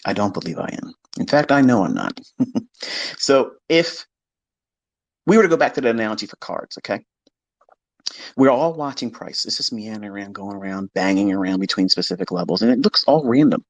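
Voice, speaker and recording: A man's voice: on the low side, a little fast, long pauses, dry recording. Blunt, profane man lecturing, dry close sound. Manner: blunt, profane and combative, mimicking critics in quoted voices. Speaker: trading educator. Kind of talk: unscripted monologue lecture.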